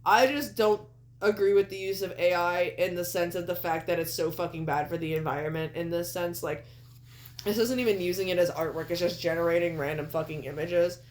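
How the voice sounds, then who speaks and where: A woman's voice: on the low side, a little fast. A woman co-hosting a casual wrestling podcast. She talks bluntly, swears often and fills gaps with "like". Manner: blunt, swears a lot, fillers like "like". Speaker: podcast co-host.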